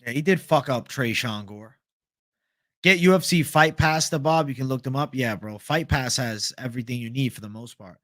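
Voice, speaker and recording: A man's voice: medium pitch, moderate pace, fairly bright tone, dry recording, clean studio sound. A young man hosting a livestream, chatting casually about fight picks, swearing and reading out viewer comments. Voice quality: casual, profane, reads chat aloud. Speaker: MMA livestream host.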